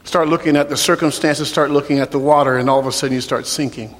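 A man preaching as a pastor, rising to shouts and dropping to a hushed prayer over an altar call. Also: a little high, fairly even intonation, quick pace. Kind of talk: sermon. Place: church hall. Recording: long hall reverb, soft music behind.

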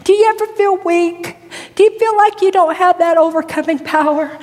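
Woman preacher, high-pitched, emotive storyteller who sinks into hushed tones; sanctuary with long reverb. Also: moderate pace. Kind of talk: sermon with personal testimony.

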